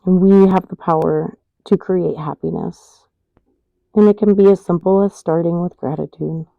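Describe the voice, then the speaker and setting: A woman yoga instructor giving calm, unhurried cues for poses and breathing. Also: fairly low pitch, gravelly, no echo, phone-quality sound. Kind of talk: guided yoga class instruction.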